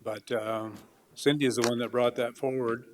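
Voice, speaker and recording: A man, a county commissioner, answering in a measured, hesitant way at a public meeting. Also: mid-range voice, steady tone.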